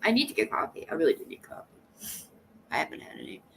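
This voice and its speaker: A woman's voice: deep voice, huge pitch swings, quick pace, gravelly, a bit bright, slight background noise. A woman hosting a casual live stream, sassy and teasing, often breaking into laughter. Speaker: livestream host.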